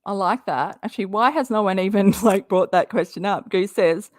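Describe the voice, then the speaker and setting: A woman's voice: mid-range voice, moderate pace, no room sound, studio quality. A woman hosting a live stream of drama commentary. She talks bluntly and heatedly, swears freely, and reads viewer comments from the chat.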